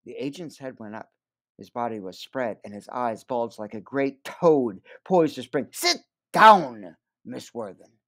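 A man's voice: medium pitch, moderate pace. A man reading a novel aloud in storybook narration. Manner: expressive, varied delivery. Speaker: audiobook reader.

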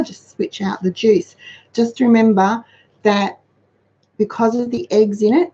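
A middle-aged woman with a medium-pitched, somewhat dark voice hosts a money-saving livestream, and the audio has its highs cut off. Chatty and practical, she answers viewers and reads their comments aloud.

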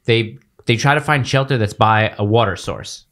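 A man hosting a podcast, chatting in an animated, rambling way that keeps wandering off topic. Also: lowish voice, moderate pace. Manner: animated, rambling, easily sidetracked. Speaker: podcast host. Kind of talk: casual chat.

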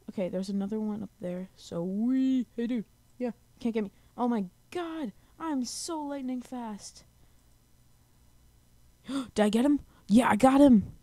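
A young woman hosting a gaming channel, giving excitable let's-play commentary with bursts of repeated words. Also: on the high side, unhurried, long pauses, dry recording, clean studio sound.

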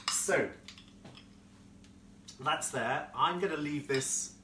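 Speaking slowly with long pauses, this florist hosts a casual cooking demo livestreamed from his home kitchen. His mid-range voice is animated, camp and effusive as he chats and reads out viewer comments. He's recorded from a distance in an echoey, noisy kitchen, with cutlery and dishes clinking behind him.

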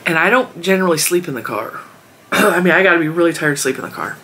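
A woman's voice: on the low side, expressive, quick pace, a bit bright, breathy edge. A woman vlogger rambling casually about her week and her crochet projects. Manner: chatty, rambling storytelling. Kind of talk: casual chat.

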